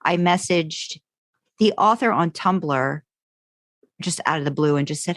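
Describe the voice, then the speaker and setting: An American woman co-hosting a podcast, chatting casually with lots of halting restarts and fillers. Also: low voice, a bit bright, dry recording, studio quality. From United States. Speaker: podcast co-host. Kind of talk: casual chat between podcast co-hosts.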